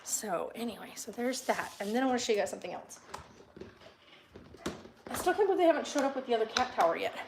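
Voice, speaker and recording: Brief: young woman, slightly high voice, casual rambling home-tour vlogger, handheld camera. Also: expressive, quick pace, creaky, long pauses, noisy background. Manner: chatty, rambling, with baby talk to her cats. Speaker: vlogger touring her home. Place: house, indoors and yard.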